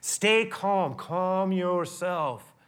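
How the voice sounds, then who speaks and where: A man preaching with a bright, forceful voice. He tells the scripture story with drama, rising to loud emphasis and dropping to a near hush. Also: high voice, animated, extremely slow, clean tone. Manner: dramatic, swinging between raised and hushed delivery. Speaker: pastor. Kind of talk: sermon.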